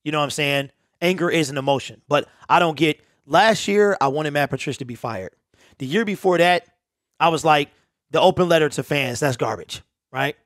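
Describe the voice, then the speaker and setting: A man's voice: a little high, fairly quick, a bit bright, no echo, clean studio sound. A man in his forties hosting his own sports channel, giving impassioned fan commentary straight to his viewers in a loose, conversational way. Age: 40s. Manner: impassioned, conversational, repeats himself. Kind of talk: casual fan commentary to camera.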